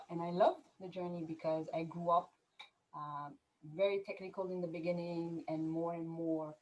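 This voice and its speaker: A woman's voice: low voice, a little mellow, poor audio. A middle-aged woman with a French accent, a guest in a casual interview, talking with many fillers and restarts. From France. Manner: hesitant, many fillers and restarts, laughs easily. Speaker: guest, mindset coach.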